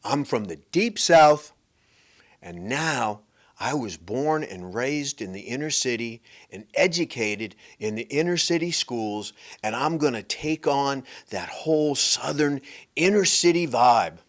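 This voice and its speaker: A man's voice: mid-range voice, animated, unhurried, lightly acted. A man doing a mocking, exaggerated impression of a female politician who is faking a folksy accent. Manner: exaggerated, sarcastic.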